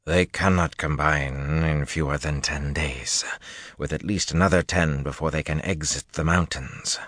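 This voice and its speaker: Audiobook: man as a restrained military officer, calm and measured, very deep voice. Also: no room sound, clean studio sound, full character voice. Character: proud low-ranking male officer, calm and controlled. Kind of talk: audiobook reading.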